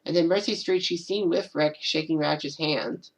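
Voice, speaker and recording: A woman's voice: low voice, steady tone, moderate pace, rough recording. A woman hosting her own channel, talking alone in a rambling casual way and often repeating "and all that.". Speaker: channel host. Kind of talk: casual solo commentary.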